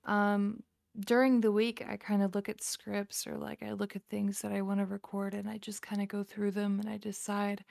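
A woman voice actor, a guest on a podcast, talking in relaxed casual chat full of fillers, on a close mic. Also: medium pitch, moderate pace, gravelly, no room sound.

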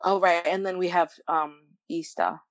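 A woman's voice: lowish voice, steady tone, normal speed, dry recording. A young woman from Brooklyn with a New York accent, co-hosting a podcast in casual chat, laughing often and saying "like" a lot. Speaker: podcast co-host. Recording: dull lo-fi dry sound.

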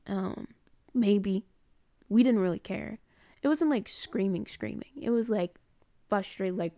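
A woman chats through a story for her own audio diary, wandering off and correcting herself as she goes. Her voice is soft and mellow, and it sits close and dry with no room sound. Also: a little high, takes it slowly, pauses often, clean tone, no echo. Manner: rambling, chatty, corrects herself mid-sentence. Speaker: student recording a personal audio diary. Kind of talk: casual storytelling monologue.

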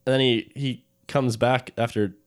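A man's voice: medium pitch, steady tone, moderate pace. A man co-hosting a casual podcast chat, joking and teasing the others. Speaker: podcast co-host.

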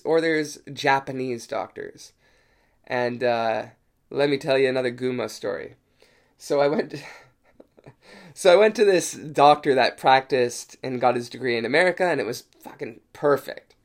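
A young man from Denmark rants through a personal story, swearing freely and throwing in mocking asides. His voice sits mid-range with a gravelly, creaky edge. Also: medium pitch. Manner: profane, animated, mocking asides. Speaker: vlogger telling personal stories. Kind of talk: casual storytelling rant.

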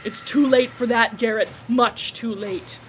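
Woman putting on a raspy entranced boy; slow, loud, implacable delivery. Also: extremely high pitch, fairly even intonation, a little hiss or hum. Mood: commanding.

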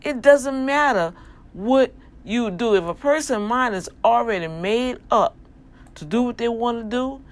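Expressive and a little high-pitched, this woman talks at a measured pace with a New Orleans accent. She's a vlogger from the US South addressing her online family, preaching casually and firing off emphatic rhetorical questions.

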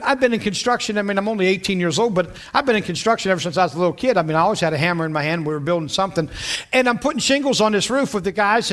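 A man's voice: high voice, fairly bright tone. A man from western Pennsylvania preaching, telling a personal story with repeated words and check-ins with listeners. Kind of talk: sermon storytelling.

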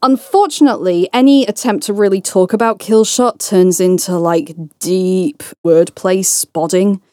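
A woman co-hosting a podcast, talking through songs in lively, analytical chat. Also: medium pitch, no echo, studio quality. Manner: quick, enthusiastic, laughs at her own points. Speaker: podcast co-host. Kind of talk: analytical music discussion.

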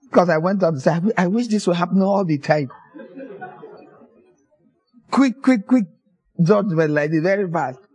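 A man preaching a sermon, telling stories in an animated way and acting out the people in them. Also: high-pitched, fast, husky, no echo, soft background music, rough recording. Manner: animated storytelling, acts out voices with laughter.

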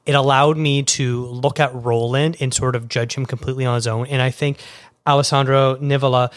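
A man's voice: medium pitch, fairly even intonation, fairly quick, no echo, clean studio sound. A man casually reviewing a film in conversation, talkative and full of fillers and restarts.

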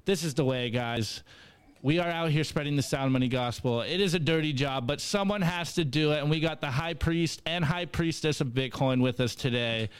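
A man co-hosting a live podcast with a smooth, resonant voice sitting a little high. He reads memes aloud and hypes the crowd with preachy energy. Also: moderate pace. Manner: energetic, preachy hype talk. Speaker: co-host reading memes. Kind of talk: enthusiastic podcast chat.

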